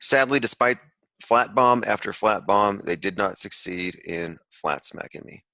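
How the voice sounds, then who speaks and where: A man's voice: fairly low pitch, a little slow, bright, forceful tone, no room sound, poor audio. A man hosting an online call, giving rambling, sarcastic commentary while reading an article aloud. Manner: sarcastic, rambling, with frequent asides. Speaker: podcast host.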